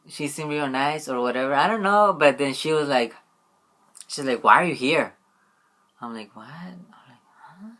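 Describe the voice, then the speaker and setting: A man's voice: mid-range voice, a bit bright. A young man telling a story in a casual vlog, rambling and filling his talk with "like" and "you know what I mean". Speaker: vlogger.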